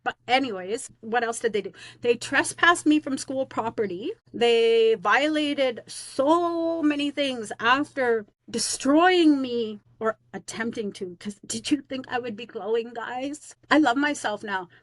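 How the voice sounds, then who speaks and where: A woman's voice: fairly high pitch, measured pace, few pauses, no echo. A woman who is a teacher on leave, talking in a casual vlog rant, blunt, slangy, defiant and rambling with lots of fillers.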